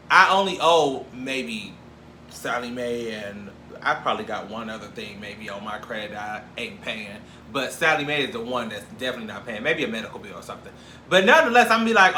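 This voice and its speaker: A man's voice: fairly high pitch, normal speed, slight background noise. A man hosting a casual gossip show, joking, swearing and acting out what people said. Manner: animated, jokey, profane, acts out quoted lines. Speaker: show host. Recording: echoey room with faint ambience.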